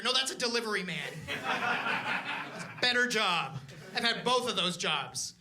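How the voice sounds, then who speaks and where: A man's voice: sits high, moderate pace. A young man from Canada doing a stand-up comedy set, telling stories with acted-out voices. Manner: animated storytelling with acted-out voices. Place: comedy club stage. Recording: live club recording with crowd. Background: audience laughter.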